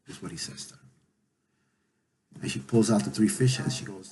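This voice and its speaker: A man's voice: lowish voice, steady tone, normal speed, pauses often, mellow, slight background noise, poor audio. A man casually retelling a legend aloud, in a conversational way with many fillers. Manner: conversational, full of "you know" fillers. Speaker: storyteller. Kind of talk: casual oral storytelling.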